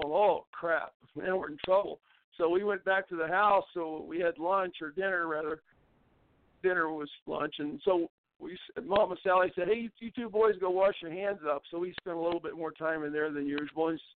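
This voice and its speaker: A man's voice: fairly high pitch, steady tone, a little fast, a little hiss or hum. Folksy older man on a phone line. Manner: rambling folksy storyteller, frequent restarts, laughs at his own tales. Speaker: interview guest, former baseball pitcher. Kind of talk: storytelling in a casual interview.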